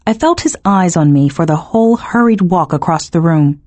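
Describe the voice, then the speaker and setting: A woman narrating a first-person novel in an expressive, emotionally engaged reading. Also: lowish voice, moderate pace, no echo. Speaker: audiobook narrator.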